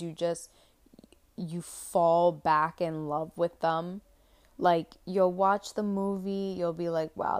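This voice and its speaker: A woman's voice: on the low side, clean tone. A young woman hosting a podcast, talking through a casual monologue that rambles, with many fillers and restarts and some casual swearing. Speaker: podcast host.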